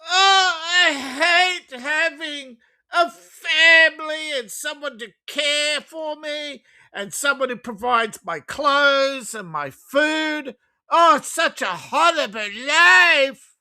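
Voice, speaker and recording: A high, sobbing, whiny young woman wails through self-pity, as a woman puts her on. The voice climbs well above the speaker's normal pitch and warbles with fake tears. It swings widely in pitch and sounds sharp and bright. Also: animated, measured pace, hardly any pauses, exaggerated voice. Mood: mock sobbing. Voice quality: whining, tearful.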